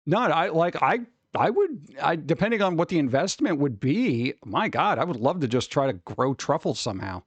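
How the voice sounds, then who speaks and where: Brief: male streamer host, fairly high voice, dry close sound, loose rambling chat with casual swearing. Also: sing-song, moderate pace, few pauses, husky, dry recording. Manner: rambling, swears casually, reads news aloud.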